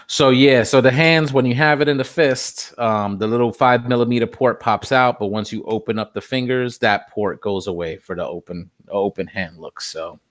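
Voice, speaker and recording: A man's voice: mid-range voice, moderate pace, hardly any pauses, no echo. A man co-hosting a casual toy unboxing, describing the figure in an easygoing way with plenty of "um"s. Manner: easygoing, descriptive, many fillers. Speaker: co-host reviewing a toy figure.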